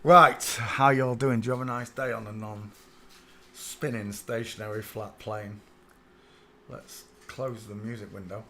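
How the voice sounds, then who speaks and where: A man's voice: fairly low pitch, steady tone, a little slow, bright, forceful tone, slight background noise. A man from England with a Northern English accent, hosting a casual livestream and chatting, humming and muttering to himself while he works. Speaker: livestream host.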